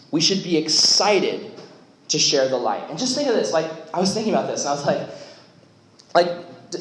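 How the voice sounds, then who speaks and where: A young man preaching a youth sermon, animated and chatty, with many "like" fillers. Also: on the high side. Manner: animated, filler-heavy talk with lots of "like". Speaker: youth pastor. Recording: roomy echo.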